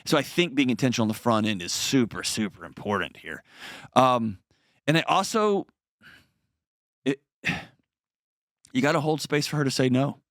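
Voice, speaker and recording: A man hosts a call-in advice show, his medium-pitched voice earnest and conversational. He reassures the caller gently and patiently. The sound is dry and close, with no room echo. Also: animated, normal speed, pauses often.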